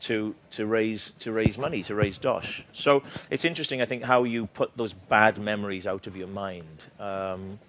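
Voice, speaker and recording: A man's voice: on the low side, moderate pace, hardly any pauses, fairly bright tone. Welsh man, playful and self-mocking. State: slight sore throat. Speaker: author and comedian guest. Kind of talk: casual interview chat.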